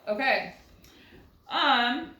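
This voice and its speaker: Her voice sits high, sounding animated, pushed, and bright, with drawn-out words. The roomy, low-quality recording captures a first grade phonics lesson where she patiently breaks words into syllables and poses rhetorical guiding questions to young learners.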